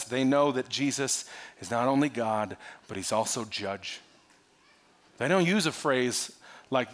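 A male pastor preaching a sermon with animated delivery, swinging between loud bursts and hushed, quiet lines. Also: medium pitch, measured pace, long pauses.

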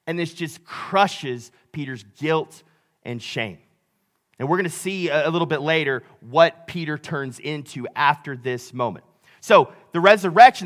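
Male pastor, sermon, storytelling, dramatic loud-to-hushed swings, somewhat high pitch.

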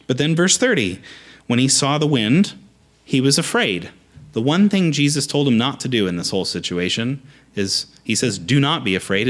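A man preaching a conversational sermon, lively with frequent restarts. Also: mid-range voice.

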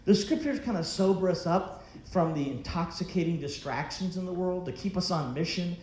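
A man's voice: high-pitched, normal speed, darkish tone, reverberant, slight background noise. A man preaching a sermon as pastor, emphatic and full of rhetorical questions.

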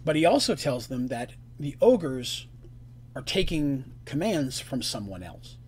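Husky male game master, relaxed and rambling, narrates a fantasy game on stream. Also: mid-range voice, measured pace.

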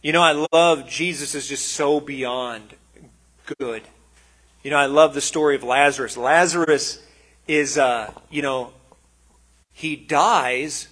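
A man's voice: a little high, takes it slowly, fairly bright tone. A man preaching a conversational sermon, earnest and emotional, with frequent restarts and asides.

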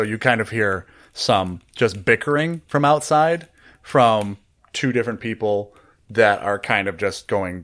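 A man narrating his part in a tabletop role-playing game. He describes the scene casually, pausing and restarting as he goes. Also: on the low side, a bit bright. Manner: casual, halting narration with fillers. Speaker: player.

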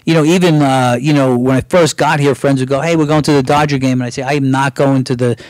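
Speaking fast at a medium pitch, a middle-aged guest screenwriter from Brooklyn, New York, shares candid stories in an interview. He performs the voices of the people he quotes, swears casually, and keeps things animated. The audio is poor, with no room sound.

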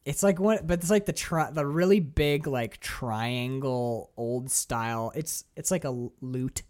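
A woman co-hosting a podcast in casual chat, animated, laughing often and mimicking voices. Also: extremely low pitch, a little slow. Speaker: podcast co-host.

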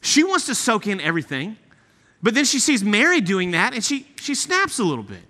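A man preaching a sermon as a guest speaker, high in pitch and bright in tone. His delivery is animated and emphatic yet conversational, swinging widely up and down. The voice carries a long echo through a large church sanctuary. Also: fairly quick. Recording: echoey hall.

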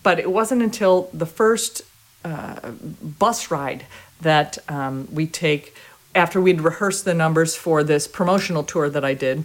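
A woman guest in an interview, telling a story in a lively way, often laughing and restarting her sentences. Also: sits low, measured pace. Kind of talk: conversational storytelling.

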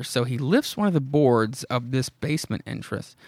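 A man's voice: mid-range voice, animated, moderate pace, darkish tone, dry recording, clean studio sound. A man hosting a podcast, recapping an old horror comic in a rambling, profane, amused way and reading its dialogue aloud. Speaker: podcast host. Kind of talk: casual comic-book recap.

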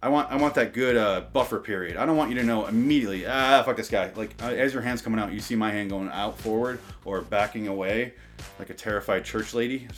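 A man's voice: on the low side, quick pace, fairly bright tone, faint music behind. A man reading a sarcastic comic rant, then rambling off-script, swearing and mocking himself with lots of restarts. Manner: self-deprecating, stumbles and restarts. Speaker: comedy podcaster reading a bit.

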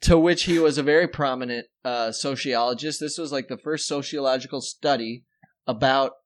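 A man's voice: medium pitch, moderate pace. A man co-hosting a podcast in casual chat, joking and rambling, often breaking into laughter. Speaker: podcast co-host.

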